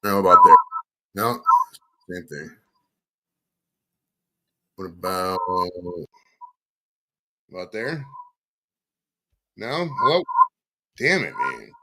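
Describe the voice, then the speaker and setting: Man hosting a live stream, bright voice, casual, swears, fiddles with his mic. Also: low voice, wildly swooping pitch, extremely slow, long pauses, rough recording. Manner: casual, profane, flustered by audio trouble. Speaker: podcast host. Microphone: streaming setup with computer mic.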